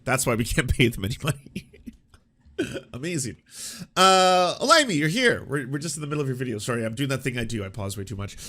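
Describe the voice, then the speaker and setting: A man hosting a commentary video, talking back at a clip in a loose, sarcastic way. He swears freely and laughs at his own jokes, his voice at an ordinary middle pitch. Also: quick pace. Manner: sarcastic, laughing, swears, slips into mocking impressions. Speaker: commentary host reacting to a video. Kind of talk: casual reaction commentary.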